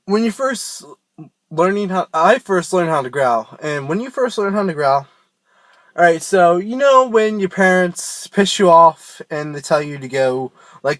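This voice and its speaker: A man's voice: on the high side, expressive, moderate pace, dry recording. A young man giving a casual, rambling tutorial on screaming technique, joking at his own expense. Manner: rambling, self-mocking, loose and informal.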